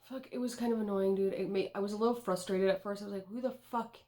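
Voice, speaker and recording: A tarot card reader in her twenties talks fast in a dark, medium-pitched voice whose intonation stays fairly even. Her casual vlog rambles, with plenty of cursing and lots of "dude."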